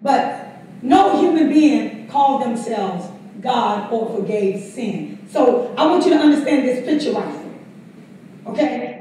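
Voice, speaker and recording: A high-pitched woman teaches a Bible study in a loose, laughing, call-and-response manner. She is picked up from across a very echoey church room, with faint noise behind her. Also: mellow, distant mic. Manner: conversational, laughs often, calls for congregation response. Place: church sanctuary.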